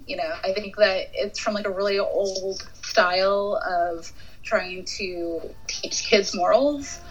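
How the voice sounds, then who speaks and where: A woman giving her opinions in a casual podcast film discussion, rambling and filling pauses with "like". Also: mid-range voice, flat delivery, dull audio. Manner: rambling, heavy use of "like".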